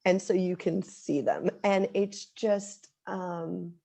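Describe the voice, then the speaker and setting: Earnest woman in her thirties, gravelly edge. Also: fairly low pitch, slow, warm tone. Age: 30s. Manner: earnest, heartfelt, full of likes and ums. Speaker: guest. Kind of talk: casual interview chat.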